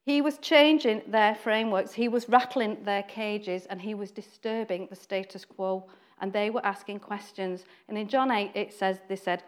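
A woman's voice: medium pitch, steady tone, normal speed, few pauses. A woman giving an informal, chatty sermon, acting out quoted voices and laughing now and then. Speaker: preacher.

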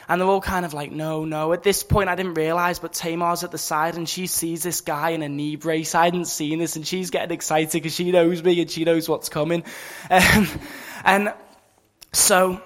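A man's voice: a little high, little pitch movement, brisk, fairly bright tone. A young man giving an earnest, informal sermon testimony to students as a Christian speaker, casual and full of fillers. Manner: earnest, casual, many fillers like "you know" and "just". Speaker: Christian speaker at a campus meeting.

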